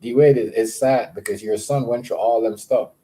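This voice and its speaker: A man hosting a casual livestream, rambling with many fillers and repeated words, giving shout-outs to viewers. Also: medium pitch, normal speed. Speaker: livestream host.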